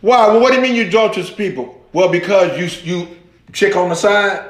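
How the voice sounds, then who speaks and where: A man's voice: high voice, fairly quick, very echoey. A man preaching a sermon as pastor, folksy and humorous, with rising exclamations.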